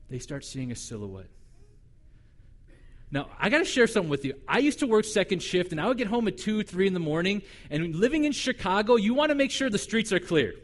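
A man pastor delivering a sermon, telling the story in an animated, conversational way. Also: sits high, normal speed, long pauses.

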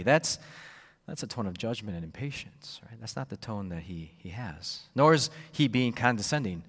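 A man preaching a sermon, expressive and repetitive, acting out the voices he quotes. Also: fairly low pitch, normal speed, slightly rough, in a large hall. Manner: expressive, acts out quoted voices, repeats words. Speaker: pastor.

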